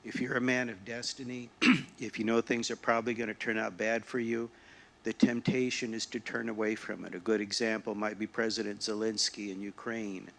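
A man giving a quiet, reflective, conversational sermon in a church sanctuary. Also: fairly low pitch, fairly even intonation, moderate pace, gravelly. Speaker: lay speaker. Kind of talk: sermon with readings.

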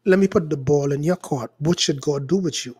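A man's voice: a little high, fairly quick, darkish tone, breathy edge. A man preaching as a pastor, praying and exhorting his listeners in a fervent voice that rises and falls, stretching words for emphasis. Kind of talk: preaching prayer and sermon.

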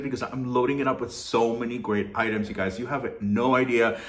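A man hosting a shopping channel, chatting casually and warmly thanking his viewers in an effusive, heartfelt way. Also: medium pitch, a little fast. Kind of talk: casual vlog chat to viewers.

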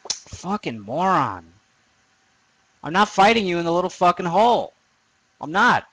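A man's voice: high voice, sing-song, unhurried, a bit bright, slight background noise, rough recording. A young man giving casual let's play commentary over a game, rambling, swearing often and poking fun at himself. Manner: profane, rambling, self-deprecating. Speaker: gaming commentator.

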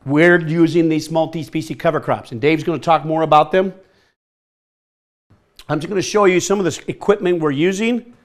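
Lively man presenting to an audience. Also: on the high side, normal speed. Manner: energetic, quizzes the audience. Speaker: workshop presenter. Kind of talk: lively workshop talk. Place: workshop room with an audience.

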